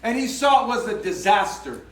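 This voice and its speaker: A man preaching a sermon as pastor, telling the story with lively, acted-out voices for the characters. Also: sits high, fairly quick, roomy sound, distant mic. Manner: animated storytelling, acting out biblical characters' voices. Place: church sanctuary.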